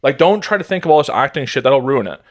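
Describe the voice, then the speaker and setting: A man's voice: mid-range voice, animated, fast talker. A man, an actor and podcast guest, chatting casually in a loose, profane way and acting out quotes in his stories. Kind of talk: casual chat.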